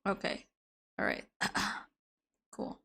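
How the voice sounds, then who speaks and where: A woman's voice: drawn-out words, sharp tone. A woman livestreamer chatting casually while she draws, rambling and swearing now and then into a desk microphone. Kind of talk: casual chat while drawing on stream.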